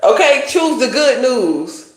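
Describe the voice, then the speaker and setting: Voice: sits high, very animated, slow pace. A tarot reader giving a casual livestream reading, talking bluntly in profane slang. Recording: roomy echo.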